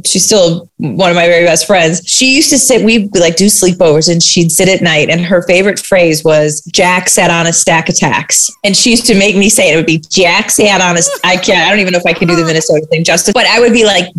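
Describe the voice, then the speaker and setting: A woman's voice: lowish voice, fast talker, hardly any pauses. A woman in her forties from the American Midwest, a marketing guest telling rambling stories over a video call. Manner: rambling, self-correcting storyteller, laughs often. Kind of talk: casual interview chat.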